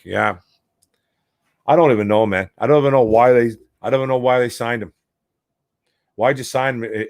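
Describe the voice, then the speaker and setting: A man's voice: fairly low pitch, no echo, clean studio sound. A man with a Michigan accent hosting a casual sports talk show, rambling and frustrated, calling listeners bro and man. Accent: Detroit, Michigan. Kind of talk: casual sports talk, reading chat questions.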